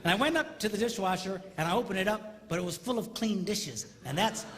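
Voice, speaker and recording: A man giving a comedic seminar talk on marriage, animated and mimicking squealing women in falsetto. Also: fairly quick. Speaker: comedic relationship speaker. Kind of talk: stand-up style seminar talk. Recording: live hall, faint ambience.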